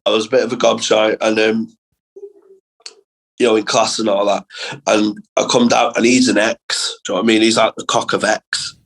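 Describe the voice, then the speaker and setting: Young English man, comedian guest, sweary, animated storytelling, laughing often. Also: lowish voice, moderate pace, rough recording. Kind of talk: casual storytelling chat.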